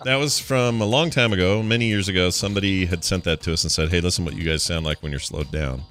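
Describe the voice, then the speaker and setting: A man's voice: sits low, quick pace, fairly bright tone. A man hosting a podcast in casual chat, joking and bantering playfully. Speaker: podcast host.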